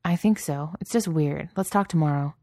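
A woman voicing a wary but loyal young man in a storybook reading, speaking in a guarded, measured way. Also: low voice, warm tone, no room sound, clean studio sound.

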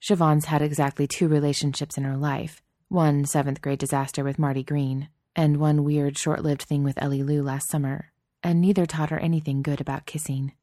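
Woman narrator, low mellow voice, steady audiobook delivery, dry close recording. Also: normal speed, no echo.

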